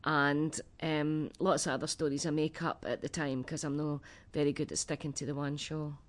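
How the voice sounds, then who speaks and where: A woman in her forties with a Glaswegian Scottish accent, a comedian chatting as a radio interview guest in a quick-witted, self-deprecating way. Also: deep voice, little pitch movement. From Scotland. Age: 40s. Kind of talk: casual radio interview chat.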